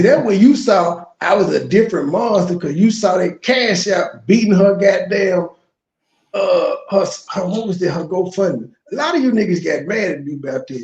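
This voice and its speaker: A man's voice: high-pitched, animated, moderate pace, darkish tone, reverberant, highs cut off. A man hosting reaction commentary, profane and mocking as he rants. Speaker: commentary host.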